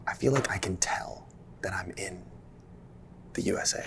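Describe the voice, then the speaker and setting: A playful man from Canada hosting a casual interview, quizzing his guest in a low, gravelly voice with fry at the edges. Light room noise sits faintly behind him. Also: moderate pace. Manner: playful, teasing, quiz-style questions. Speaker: host.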